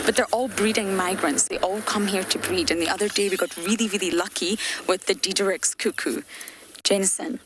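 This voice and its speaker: A woman safari guide giving chatty, explanatory live commentary from a game-drive vehicle outdoors, sometimes dropping to hushed asides. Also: medium pitch, fairly even intonation, a little fast, noisy background.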